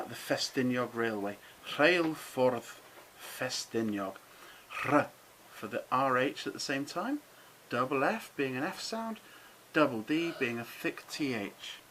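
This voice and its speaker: A middle-aged man hosting a casual lesson, chatty and encouraging, who slows right down to sound out words with care. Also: medium pitch, fairly bright tone, a little hiss or hum, rough recording. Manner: chatty, encouraging, drawn-out careful pronunciations. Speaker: model railway channel host. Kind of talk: casual explainer to camera.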